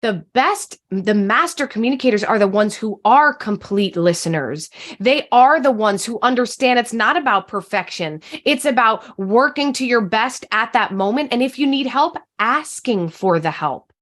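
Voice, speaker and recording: A woman with a fairly high voice speaks with passion and emphasis. She sounds like a communication coach making her case in an interview conversation. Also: animated, normal speed, few pauses, fairly bright tone.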